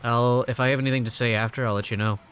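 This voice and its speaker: A young man with a mid-pitched voice chatting loosely while he reads through a comic for his viewers. He rambles, trips over his words and restarts his sentences, filling the gaps with casual asides. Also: steady tone, very fast, a bit bright, smooth. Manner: rambling, many restarts and fillers. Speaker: reaction video host. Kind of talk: casual reading reaction commentary.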